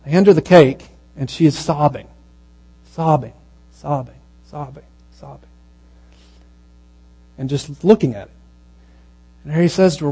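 A man preaching a sermon, telling a story in a conversational way and dropping to a hushed, slow voice at its tender moments. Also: a little high, husky, rough recording.

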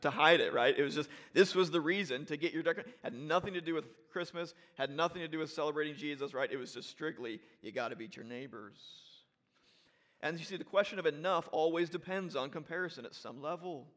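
A middle-aged man delivers a Sunday sermon in a fairly high voice. He talks to the congregation conversationally and often tosses in "all right?" to bring them along. He repeats and restarts phrases as he builds toward a point. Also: fast talker, hardly any pauses, a bit bright. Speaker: pastor.

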